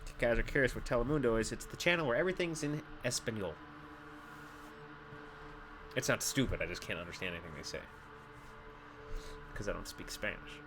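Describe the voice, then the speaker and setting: A young man telling stories while playing a game, animated and swearing freely, with loud exclamations. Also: mid-range voice, a little fast, long pauses, music in the background. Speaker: gaming video host.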